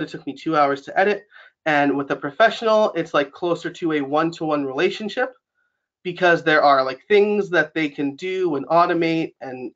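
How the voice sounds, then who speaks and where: A man's voice: fairly high pitch, fairly bright tone. Chatty New York man, dull audio. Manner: chatty, many fillers like um and like. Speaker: webinar presenter. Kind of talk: casual instructional webinar.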